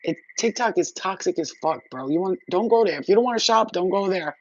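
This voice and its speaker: A middle-aged woman chatting casually with her viewers, blunt and chatty, swearing freely. Her voice sits at an ordinary middle pitch. The recording is a little dull and lo-fi. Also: expressive, a little fast. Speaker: spiritual reader and vlogger. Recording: dull lo-fi audio.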